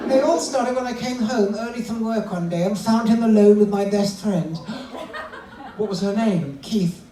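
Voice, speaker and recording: A man's voice: moderate pace, mellow, lightly acted. A man doing a prissy, catty wife. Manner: high, prissy put-on falsetto. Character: bitter middle-aged wife, catty and flirty. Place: large cruise ship theatre stage. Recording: echoey theatre, distant mic, audience crowd.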